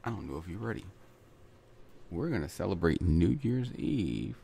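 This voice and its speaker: A man's voice: low voice, very animated, normal speed, creaky, warm tone, slightly rough. A man hosting his own podcast, talking in a chatty solo monologue full of repeats and asides like "right?" and "you know". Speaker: podcast host.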